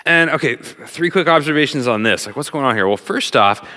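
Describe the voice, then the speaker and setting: A middle-aged man giving a sermon in a casual, animated way with lots of fillers, a father. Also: medium pitch, brisk. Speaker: pastor. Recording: long hall reverb.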